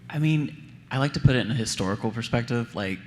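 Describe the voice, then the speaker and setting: A man, a hurdler, answering at a press conference in a measured, explanatory way. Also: medium pitch, in a large hall, slight background noise.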